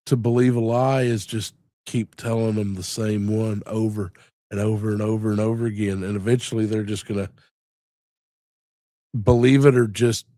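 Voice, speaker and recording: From a room at home, a Louisiana man hosts a live stream, rambling and joking with plenty of swearing while sounding sick and tired. His voice is on the low side and warm, recorded in studio quality with no echo.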